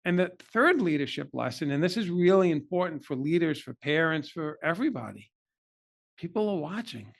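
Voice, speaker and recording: A man's voice: fairly high pitch, sing-song, moderate pace, creaky. Earnest man telling a personal story. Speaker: podcast guest. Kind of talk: candid storytelling interview.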